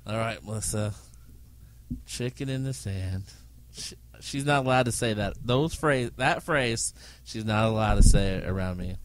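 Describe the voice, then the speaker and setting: A man on a podcast, casually telling childhood stories in an animated way. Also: fairly low pitch, normal speed, no room sound. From United States. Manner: animated storyteller, mimics relatives with laughter. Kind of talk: casual chat.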